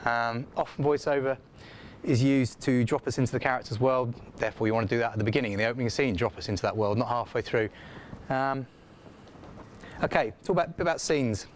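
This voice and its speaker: A man giving an informal scriptwriting lecture in a classroom, chatty and animated, acting out the feedback he quotes. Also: mid-range voice, a little fast, a little hiss or hum.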